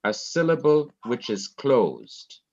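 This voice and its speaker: A man with a Jamaican accent teaching a Hebrew grammar class online, slowly repeating each rule for emphasis. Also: mid-range voice, big pitch swings, darkish tone, slight background noise. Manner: slow, repeats key rules for emphasis. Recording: dull lo-fi online class audio.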